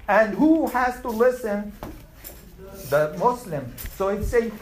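A man's voice: high voice, very animated, moderate pace, echoey room, rough recording. A man teaching a class, asking questions and summarizing points in numbered lists. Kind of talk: classroom Q&A lesson.

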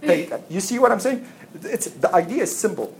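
A woman casually telling a religious story to a child, animated, acting out voices and laughing often. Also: medium pitch, fairly quick, creaky, slight background noise, low-quality recording.

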